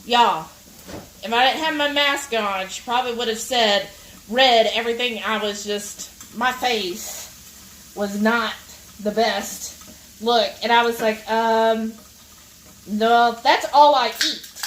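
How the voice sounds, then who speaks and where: A woman tells an animated story straight to her viewers while she cooks. Her voice sits a little high, and it sounds roomy and a step back from the mic. Faint sizzling from the pan runs underneath. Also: a little slow, recorded from a distance, slight background noise. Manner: animated, addresses viewers directly. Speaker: cooking vlog host. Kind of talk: chatty storytelling while cooking. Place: home kitchen.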